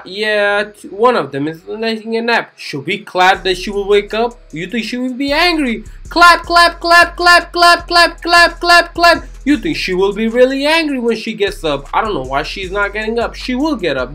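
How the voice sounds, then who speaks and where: A woman's voice: medium pitch, expressive, moderate pace, a bit bright. A woman narrating a children's cartoon in a gushing, exclamatory way, keeps asking the young viewers questions. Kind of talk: chatty commentary for children.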